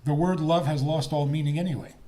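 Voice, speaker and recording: An older man, a rabbi, giving a talk on faith and marriage in a teasing, deliberate manner. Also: on the high side. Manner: lively, teasing, slow deliberate delivery with laughs.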